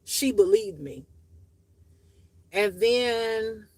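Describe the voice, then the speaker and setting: A woman's voice: medium pitch, expressive, drawn-out words, darkish tone, no echo. Blunt, profane woman confiding to viewers. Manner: blunt, profane and emotional, talking in bursts; raw and confessional, voice rising and dropping. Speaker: channel host. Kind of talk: unscripted personal monologue to viewers.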